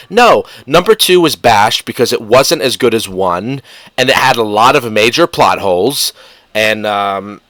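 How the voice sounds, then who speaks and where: A man's voice: mid-range voice, fairly bright tone, no room sound. A man hosting a casual reaction commentary, rambling through fillers and self-corrections and talking back sarcastically to an article's author. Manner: sarcastic, argumentative, addresses the article's author directly. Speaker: commentary channel host.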